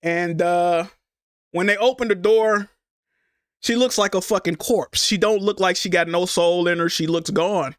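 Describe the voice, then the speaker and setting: A man's voice: high-pitched, unhurried, no room sound, studio quality. A man streaming, telling a personal story in a rambling, casual way, restarting and repeating himself and swearing freely.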